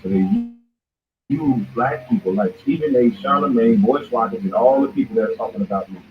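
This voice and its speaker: A man's voice: medium pitch, animated, a little fast, faint music behind. A man hosting a show, delivering a heated, confrontational ranting monologue that keeps jabbing at his target as "boy". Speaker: show host. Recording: tinny phone-like line with faint noise.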